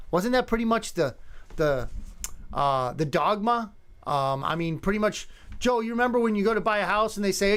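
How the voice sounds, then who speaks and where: A man in his fifties hosting a talk radio show, talking in an emphatic, conversational way. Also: high-pitched. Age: 50s. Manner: conversational, emphatic, greets callers by name. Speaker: radio host.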